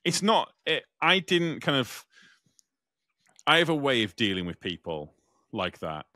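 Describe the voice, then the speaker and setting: A British man co-hosting a podcast, telling a story in casual chat, animated and swearing freely. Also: medium pitch, measured pace, dry recording, clean studio sound. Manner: animated, swears freely, acts out other voices. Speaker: podcast co-host.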